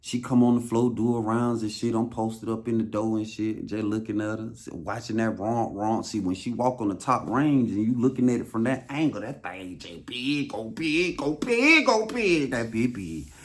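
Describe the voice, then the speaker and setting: A man with an Atlanta Southern accent tells a story in a low, somewhat deep voice. His talk is loose and full of slang, and he leans on repeated words for emphasis. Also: steady tone, moderate pace, few pauses, darkish tone. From Atlanta, USA. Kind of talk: casual storytelling.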